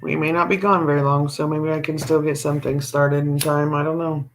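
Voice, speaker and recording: A man's voice: a little high, little pitch movement, fairly quick. A man co-hosting a livestream, chatting casually and telling stories in a teasing, talkative way. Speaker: livestream co-host.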